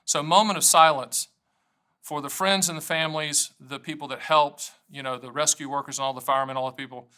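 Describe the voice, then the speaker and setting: This middle-aged American, who sells annuities and hosts a show, gives a lively solo talk to camera, mixing jokes with explanations in a playful, self-deprecating way. His voice is on the high side, smooth yet pushed and bright, brisk, with fairly even intonation.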